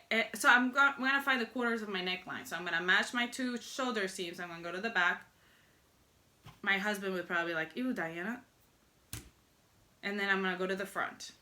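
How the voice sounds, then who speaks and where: Her voice is mid-range, pushed and bright. She's a young sewing pattern instructor giving a relaxed tutorial, sewing while she chats and makes jokey asides to the people watching.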